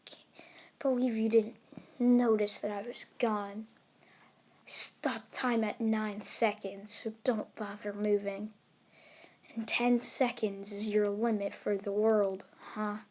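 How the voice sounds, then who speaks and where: A cold, easily annoyed young male hero, as a woman puts him on speaks in a low, hushed, menacing half-whisper. The lines come slowly and evenly, set a touch above a typical voice in pitch. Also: little pitch movement. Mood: cold menace. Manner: low, quiet, menacing delivery, often whispered.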